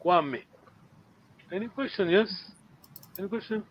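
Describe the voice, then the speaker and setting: A man teaching a language class online, patient, often checking understanding with a quick question. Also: high voice, lively intonation, dull audio, slight background noise.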